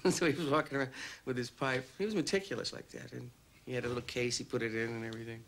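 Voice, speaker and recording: Gravelly folksy man in his fifties. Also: mid-range voice, fairly even intonation, fast, fairly bright tone. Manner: folksy storyteller with plain grammar. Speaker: interviewee recalling an old friend. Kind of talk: anecdotal interview.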